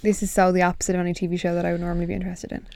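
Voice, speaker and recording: A young woman with a husky voice, chatting casually and swearing a lot as a podcast host. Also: fairly low pitch, racing, no room sound. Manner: sweary, animated, rambling. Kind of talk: casual chat.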